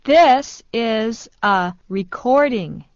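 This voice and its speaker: Slow, clear woman, slightly high, reading English phrases for learners. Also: dry recording. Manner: slow, even repetition of each phrase. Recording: dull dry studio sound.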